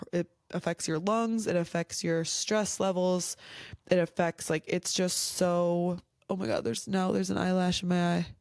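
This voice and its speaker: A woman's voice: lowish voice, a little mellow, no room sound, studio quality. A young woman hosting a casual Q&A vlog, talking in a heartfelt, rambling way while emotional and teary. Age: young adult. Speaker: vlog host.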